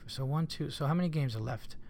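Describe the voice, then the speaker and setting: A man's voice: on the high side, fast talker, vocal fry, a little mellow, slight background noise. A man hosting a solo podcast, rambling casually, cursing often and getting exasperated. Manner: rambling, profane, easily exasperated. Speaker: comedian podcast host.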